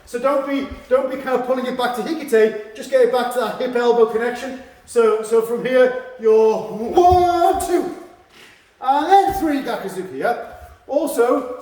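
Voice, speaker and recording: A man's voice: very high voice, darkish tone, echoey room. A man, a karate instructor, teaching an online seminar over a video call, encouraging and checking understanding with frequent "yeah?".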